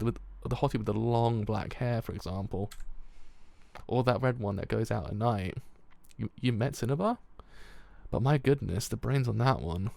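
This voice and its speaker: A man's voice: medium pitch, gravelly, dark tone, no echo, natural voice. A man voicing a smug, flirtatious shell creature with flowery, teasing speech.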